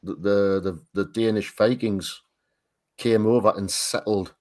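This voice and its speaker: Low-voiced man with a Northern English accent. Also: steady tone. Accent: Northern English, Tyne and Wear. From Northern England. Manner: halting, repeats words while searching for them. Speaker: art stream co-host. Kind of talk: casual group chat on a livestream.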